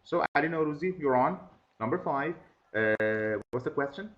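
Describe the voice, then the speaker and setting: Guy teaching english online, says things twice slow, kinda muffled lo-fi mic. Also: a little high, animated, fairly bright tone. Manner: patient, repeats questions and instructions slowly. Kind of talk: online class instruction. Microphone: computer mic on a video call. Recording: dull lo-fi video call audio.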